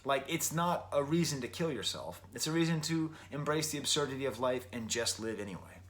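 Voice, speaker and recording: A man's voice: mid-range voice, lively intonation, a little fast, a bit bright. Chatty American man reviewing an album. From Western New York, USA. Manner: rambling and chatty, with frequent self-corrections and wry asides. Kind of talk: casual spoken album review.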